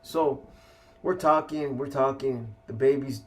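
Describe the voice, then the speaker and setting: A man's voice: medium pitch, a little slow. A man from California bluntly recounting his past in casual street slang, with heavy profanity. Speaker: interviewee telling his life story. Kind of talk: casual storytelling.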